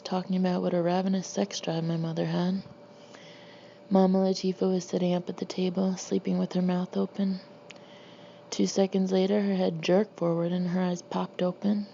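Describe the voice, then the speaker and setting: A woman reading her own memoir aloud in a dry, deadpan, sardonic way. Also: on the low side, vocal fry. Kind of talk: audiobook narration. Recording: slightly muffled with faint hiss.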